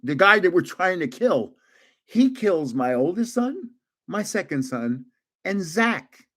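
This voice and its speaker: A man's voice: high voice, slow pace. A man in his seventies casually telling gaming stories on a livestream, laughing often as he goes. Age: 70s. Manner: animated, laughs often, restarts. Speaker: livestream host. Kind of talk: casual storytelling.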